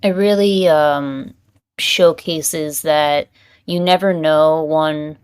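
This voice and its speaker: A woman's voice: low voice, steady tone, slow pace, clean tone. A woman hosting a podcast, asking earnest, encouraging questions. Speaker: podcast host. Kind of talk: interview conversation.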